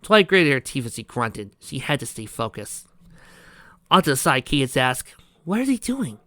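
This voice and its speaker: A man reads a fan fiction story aloud and breaks into sarcastic, ranting commentary. His voice is bright and sharp, at an ordinary pitch. The recording is close and dry. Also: expressive, normal speed, no room sound.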